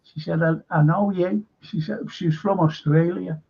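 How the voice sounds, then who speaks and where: A man's voice: high-pitched, moderate pace, creaky, slightly rough. A man, a local historian chatting on a live stream and acting out the voices in his anecdotes. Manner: animated storyteller acting out quoted voices. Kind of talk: casual chat on a live stream. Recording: lo-fi stream audio.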